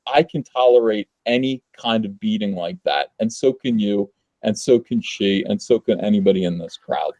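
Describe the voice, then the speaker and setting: A man's voice: fairly low pitch, normal speed, darkish tone, no echo. A man talking as a guest on a casual livestream, earnest and emphatic, with hesitant fillers.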